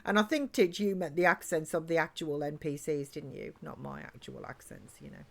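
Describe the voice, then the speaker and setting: A woman's voice: low voice, fairly quick, creaky. A woman chatting and giggling while livestreaming a video game. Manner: chatty, giggly, reads chat aloud. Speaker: game streamer. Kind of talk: live let's-play chat.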